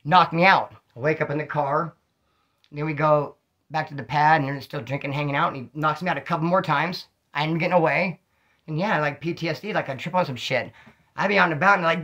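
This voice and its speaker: A man rattles off stories from his past in a rapid, tense, forceful delivery, full of street slang. His voice sits a little high for a man, and he slips into quick acted-out quotes as he goes. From California. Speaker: storyteller recounting prison life. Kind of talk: casual storytelling monologue.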